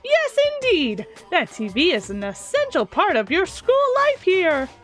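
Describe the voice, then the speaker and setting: A woman's voice: very high-pitched, huge pitch swings, unhurried, a bit bright, faint music behind, full character voice. A woman voicing a gleeful, crude male robot bear mastermind who cackles and taunts in a video game. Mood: mocking.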